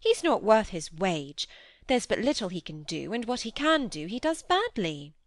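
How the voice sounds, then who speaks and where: A woman's voice: mid-range voice, very animated, moderate pace, no room sound, clean studio sound, close to an everyday voice. A woman voicing a plainspoken, homely middle-aged farm wife who talks bluntly.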